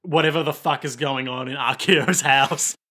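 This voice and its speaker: Bright-voiced joking man on a podcast. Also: mid-range voice, steady tone. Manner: joking, rambling, quick asides. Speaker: podcast co-host. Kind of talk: casual chat recapping an anime.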